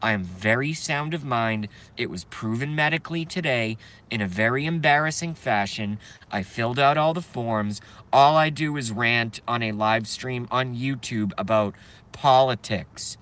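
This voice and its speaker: Bright-voiced man ranting in his car. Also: mid-range voice, moderate pace. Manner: agitated, swearing ranter. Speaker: live streamer. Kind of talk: ranting live stream. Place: parked car.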